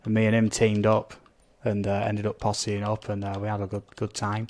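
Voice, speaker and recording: A man's voice: lowish voice, completely flat delivery, fairly quick, darkish tone. A man chatting casually as he streams a game, reading out viewer comments and blurting out little sound effects. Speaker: gaming live streamer.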